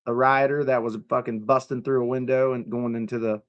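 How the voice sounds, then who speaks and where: A combative young man from the United States, talking to his live-stream chat in a loose, profane rant. His voice sits at an ordinary middle pitch, and he keeps jabbing back at commenters. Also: level tone, fairly quick, dull audio.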